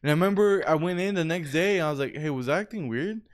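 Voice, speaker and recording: A young man with a smooth, resonant voice tells stories in a loose, casual way. He swears a lot and keeps saying bro. He sounds laid-back and unhurried. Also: fairly high pitch. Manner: laid-back, profane, says bro often. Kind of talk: casual storytelling chat.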